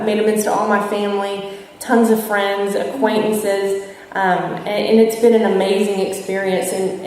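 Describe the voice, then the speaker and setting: A young woman tells her recovery story to a crowded convention, candid and self-mocking, slipping into the voices of the people she quotes. She is picked up from far away, so her voice rings through the hall's long reverb, and soft room ambience hums underneath. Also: mid-range voice, a little hiss or hum. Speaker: AA speaker sharing her story. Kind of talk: recovery testimony to a live audience. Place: large convention hall with an audience. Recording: echoey hall from far off.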